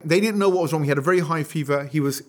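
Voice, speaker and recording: Higher-pitched man telling history lessons. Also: very fast. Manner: animated storyteller, acts out quotes; asks the audience rhetorical questions. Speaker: religious teacher.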